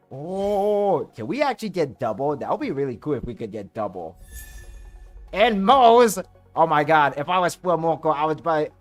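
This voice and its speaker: A young man streaming a game, chatting casually with viewers and exclaiming excitedly over his luck. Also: sits high. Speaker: VTuber streamer. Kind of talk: casual livestream chat while playing.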